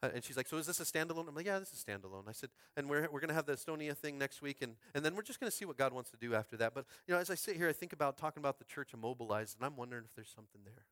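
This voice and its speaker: A man preaching a sermon as pastor, fervent and calling out to his congregation, swinging from quiet musing to shouted climaxes. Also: medium pitch, lively intonation, racing, few pauses, no room sound, studio quality. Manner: calls out to the congregation. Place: school space used as a church.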